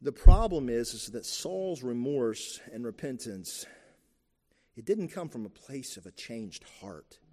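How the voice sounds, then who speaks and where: A man's voice: medium pitch, sing-song, measured pace, mellow, long reverb tail. A man preaching a sermon, emphatic and repeating his key phrases.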